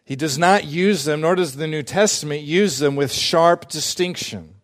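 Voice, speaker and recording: A man preaching a sermon as pastor, earnest and deliberate, repeating key phrases for emphasis. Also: on the high side.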